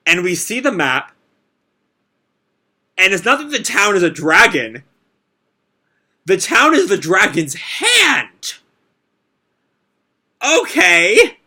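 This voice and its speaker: A man's voice: sits high, wildly swooping pitch, slow pace, long pauses, pushed and bright. A young man hosting a live manga reaction, reading and commenting in a casual, rambling way. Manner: casual, rambling, many fillers.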